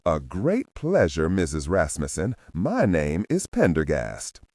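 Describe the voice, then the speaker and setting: A man's voice: low voice, huge pitch swings, a little mellow, breathy edge, no room sound, clean studio sound, exaggerated voice. A man reading a courtly Southern FBI agent. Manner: slow, formal, courtly.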